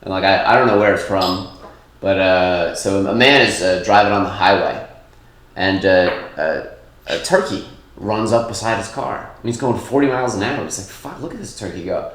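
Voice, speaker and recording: A man's voice: low-pitched, normal speed, a bit bright. A man co-hosting a comedy podcast, telling jokes in casual chat with many fillers and restarts. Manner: rambling storyteller with many fillers. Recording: echoey room.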